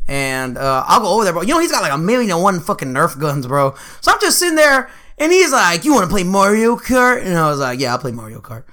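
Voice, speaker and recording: A man telling stories in casual chat, profane and animated, slipping into voices for the people in his tales. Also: high voice, fast talker, hardly any pauses.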